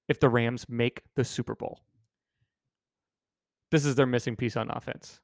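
A goofy, upbeat man co-hosting a casual sports podcast, eager to play along with silly bits. His voice has a gravelly, fry-laden texture. The sound is close and dry. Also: medium pitch, fairly even intonation, moderate pace, long pauses, no room sound. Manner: playful, goofy, pushes bits. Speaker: podcast co-host.

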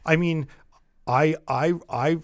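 A man co-hosting a podcast in casual political chat, animated and full of fillers, getting louder and higher when indignant. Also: takes it slowly, no echo, studio quality. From Canada. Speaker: podcast co-host.

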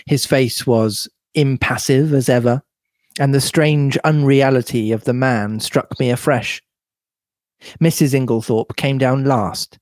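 A man reading a novel aloud in a measured, steady manner. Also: mid-range voice, no echo, clean studio sound. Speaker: reader.

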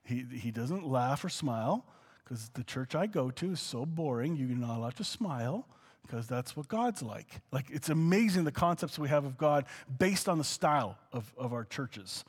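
A man preaching a conversational teaching sermon, animated, dropping to soft asides and rising to excited exclamations. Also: mid-range voice, normal speed, husky, in a large hall. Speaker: pastor.

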